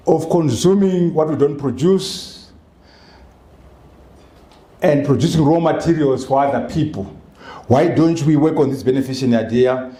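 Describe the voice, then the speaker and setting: A Zimbabwean man speaks loudly and emphatically at a book launch, his pitch leaping up and down as he hammers home rhetorical questions. His voice is somewhat high yet mellow, and it rings out in an echoey hall. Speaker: author giving a speech. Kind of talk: public speech at a book launch. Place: event hall in Harare.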